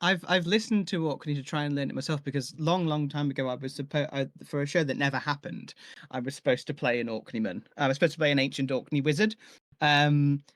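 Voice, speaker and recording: A man's voice: on the high side, fairly even intonation, fast talker, fairly bright tone, no echo, studio quality. A man hosting a live-streamed chat about audio drama, rambling and enthusiastic with many restarts. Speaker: host and audio drama maker.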